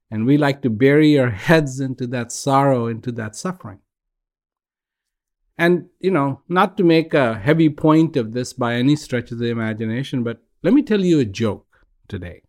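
A man giving a reflective spiritual talk on a regular broadcast, speaking gently in short halting phrases with pauses. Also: mid-range voice.

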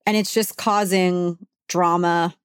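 A woman co-hosting a beauty podcast as a beauty editor, chatting casually in an animated way. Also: lowish voice, takes it slowly, smooth, no room sound, studio quality. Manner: chatty and animated, mimics others with exaggerated voices.

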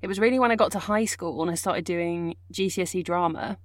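A young adult woman with a slightly low voice recorded close and dry. She chats casually as a guest, spinning her story with plenty of fillers. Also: brisk, dry recording. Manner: chatty, animated storytelling with fillers. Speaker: guest, audiobook narrator and actor. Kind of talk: casual chat.

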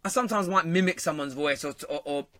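A man's voice: on the high side, quick pace, fairly bright tone, dry recording. A man with a London accent hosting a football show, chatting casually, reading viewer comments and laughing often. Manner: laughs often, banters with chat. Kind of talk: casual live-stream chat.

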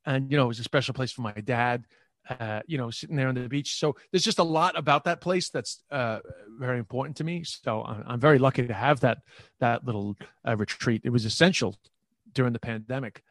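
Male interview guest, mid-pitched, loose and rambling delivery, dry room. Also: a little fast, no echo. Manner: rambling, heavy use of filler phrases. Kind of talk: casual conversational interview.

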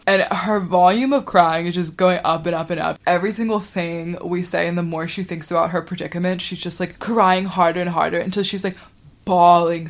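Chatty young woman telling a story. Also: fairly low pitch. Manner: chatty, profane, wry. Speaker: podcast host. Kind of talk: casual storytelling.

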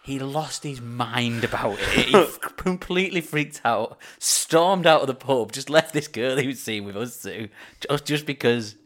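A man's voice: mid-range voice, unhurried. A young man co-hosting a casual podcast, eagerly telling anecdotes. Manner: animated, eager anecdote teller. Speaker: podcast co-host. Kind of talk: casual chat.

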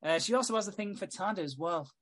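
A man on a casual podcast recaps a soap episode, acting out the characters' lines, swearing often and laughing easily. His voice sits high and a bit bright, expressive and fast.

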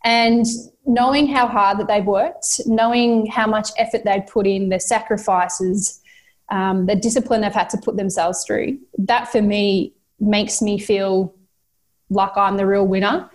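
An Australian woman coach talks through her answers with sincere, motivational conviction. She circles back and repeats words as she gathers her thoughts. Her voice sits at an ordinary middle pitch. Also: steady tone, a little slow. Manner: heartfelt, motivational, repeats herself while thinking. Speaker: football coach, guest. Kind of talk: earnest interview answers.

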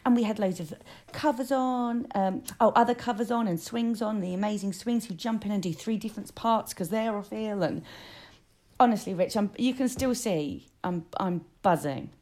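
A woman, an actress chatting excitedly and gushing about her stage work. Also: medium pitch, moderate pace. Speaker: West End musical actress, guest. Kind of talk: casual chat.

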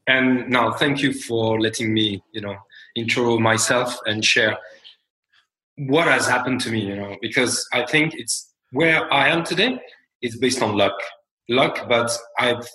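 A man whose first language is French speaks English with a French accent as an interview guest. He talks at an unhurried pace, self-deprecating and often trailing off quietly. His voice sits at a mid pitch and carries a roomy echo. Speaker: guest, company co-founder. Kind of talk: interview answers.

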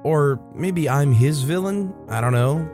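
Man reading stories over soft music. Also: on the high side, lively intonation, measured pace. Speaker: story narrator. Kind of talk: scripted story narration. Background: soft background music.

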